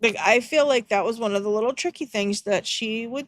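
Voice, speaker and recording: A woman's voice: a little high, brisk, dry recording. A woman doing casual reaction commentary on a livestream, mocking and blunt, laughing and swearing as she goes.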